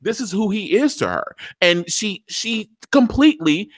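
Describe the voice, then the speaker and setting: A man hosting a TV recap show, chatting in an animated, digressive way. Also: high voice, a little slow, very noisy. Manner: animated, digressive, acts out scenes. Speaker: podcast host. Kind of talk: TV recap chat.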